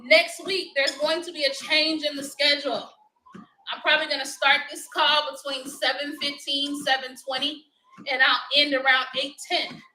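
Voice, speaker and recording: A woman's voice: high-pitched, flat delivery, moderate pace, pushed and bright, roomy sound, a little hiss or hum, poor audio. A woman, hosting a casual live motivational chat, upbeat and laughing often as she talks to viewers. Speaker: livestream host.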